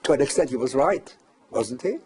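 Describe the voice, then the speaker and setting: An older man recounting a personal memory as testimony, measured and halting with pauses. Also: medium pitch, animated, mellow, husky. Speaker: survivor giving testimony.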